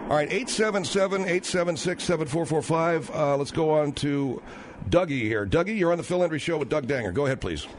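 A man hosting a talk radio call-in show, brisk and keeping the call on track. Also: fairly high pitch, animated, slight background noise. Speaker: radio host.

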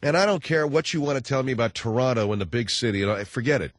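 A man's voice: mid-range voice, quick pace, dry recording, clean studio sound. A man hosting a talk radio show, riffing through a sarcastic, opinionated comedic monologue. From United States.

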